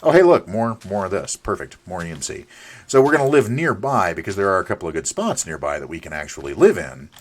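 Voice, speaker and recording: Deep-voiced man in his forties. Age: 40s. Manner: rambling, chatty, with filler restarts; playful asides to himself. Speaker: let's play host. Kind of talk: casual gameplay commentary.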